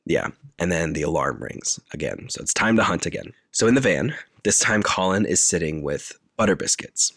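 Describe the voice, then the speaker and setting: A man with a very low voice talks through a film's plot in a loose, chatty way, full of fillers. The sound is dry and close, with no room in it. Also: normal speed, few pauses, no room sound. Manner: retells scenes in deadpan detail, filler-heavy. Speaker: podcast co-host recapping a film. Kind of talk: casual chat.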